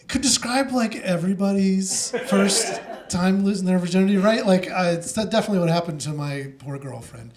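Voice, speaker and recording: Man, fairly high voice, show host, chatty, loose, small theater stage. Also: expressive, normal speed, few pauses, a crowd in the background. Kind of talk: live show hosting.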